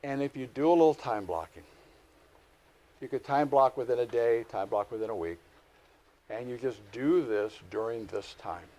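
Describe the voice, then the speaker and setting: A middle-aged man teaching a live real estate class, lecturing with folksy stories and animated asides. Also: mid-range voice, moderate pace.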